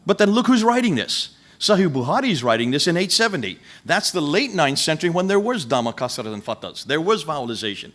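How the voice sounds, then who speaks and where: A man's voice: fairly high pitch, a bit bright. A man giving a lecture to a live audience, emphatic and full of rhetorical questions, speaking directly to the people in the room.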